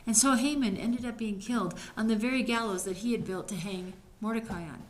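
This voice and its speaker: A woman Bible study teacher retelling a Bible story casually, lively and acting out the people in it. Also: on the high side, brisk, a little hiss or hum. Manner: lively, acts out quoted voices.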